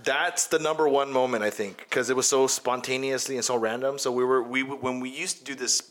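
A man with a bright, forward voice chatting on a podcast among friends. He rambles eagerly, restarts his sentences and counts down memorable moments. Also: medium pitch, steady tone, fairly quick. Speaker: podcast co-host. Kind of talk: casual chat.

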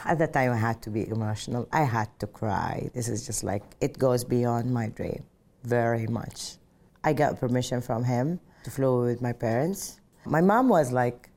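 A middle-aged woman speaks in an unusually deep, dark and mellow voice. She is a pilot recounting her path in an interview. Her delivery is earnest and reflective, with frequent "just like" fillers. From Saudi Arabia. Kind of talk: personal interview storytelling.

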